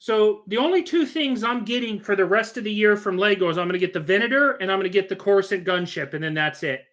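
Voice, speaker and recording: A man's voice: high voice, expressive, fast talker, a bit bright. A middle-aged man chatting casually on a live stream, rambling and joking with frequent restarts.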